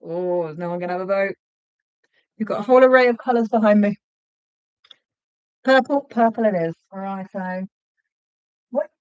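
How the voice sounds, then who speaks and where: Woman host, casual craft-stream chatter, easily distracted, counts aloud; mid pitch, muffled dry recording. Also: moderate pace, pauses often, a little mellow, clear, resonant tone, dry recording. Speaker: livestream host. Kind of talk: casual livestream chat while crocheting.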